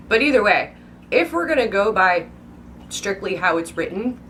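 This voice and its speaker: Rambling playfully about books, a woman vlogger speaks at a moderate pace with long pauses and lively intonation. Her voice is medium-pitched and a bit bright, with slight background noise. She's hyper, drawing words out and exaggerating their sounds.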